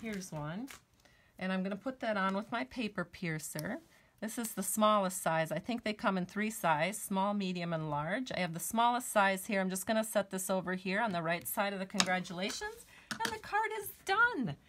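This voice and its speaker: A woman's voice: a little high, a bit bright. A woman hosting a live stamping and card-making demonstration at her crafting table. She talks in a chatty way and gushes over her work.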